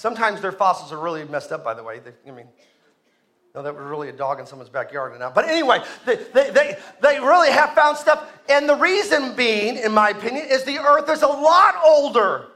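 Male pastor, lively joking sermon to a church crowd, high bright voice. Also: brisk. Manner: joking, animated, asks the congregation for responses. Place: church sanctuary with congregation.

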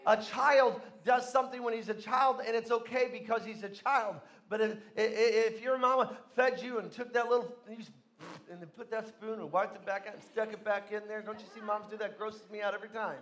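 A man preaching a sermon as pastor in a church, telling stories and acting out voices, building to loud emphasis. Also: sits high, fairly even intonation, fairly quick. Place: church sanctuary.

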